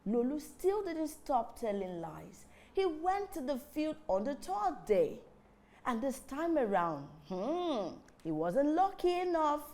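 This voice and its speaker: Casting: high-pitched woman, children's storyteller and host, lively and interactive. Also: takes it slowly. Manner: lively, calls the audience to join in.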